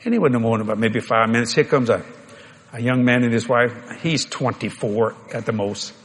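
A man's voice: mid-range voice, fairly quick. An older man, telling a folksy, joking story in a sermon. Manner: folksy, animated, joking with the crowd. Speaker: preacher.

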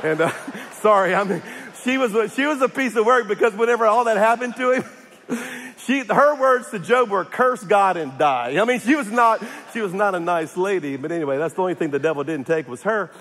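Higher-voiced male pastor, casual and humorous sermon, often restarting, echo from the hall. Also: a little fast, a bit bright. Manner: humorous, repeats and restarts, calls for amens. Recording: echoey hall.

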